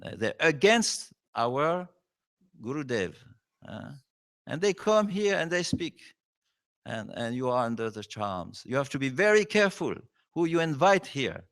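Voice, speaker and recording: A visiting spiritual teacher, a man, gives a devotional lecture in non-native English, pausing often and checking in with "huh?". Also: medium pitch, sing-song, a bit bright. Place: temple hall.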